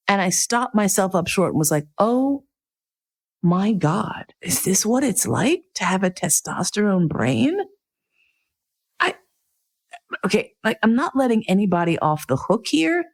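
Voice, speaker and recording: Animated profane middle-aged woman. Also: fairly low pitch. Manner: animated, profane, comic outbursts in quoted inner voice. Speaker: podcast host telling a personal story. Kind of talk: casual storytelling monologue.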